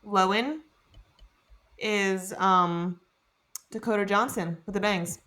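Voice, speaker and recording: A woman's voice: medium pitch, takes it slowly, fairly bright tone. A young woman co-hosting a podcast, chatting casually and gossiping with frequent laughs. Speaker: podcast co-host. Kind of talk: casual chat.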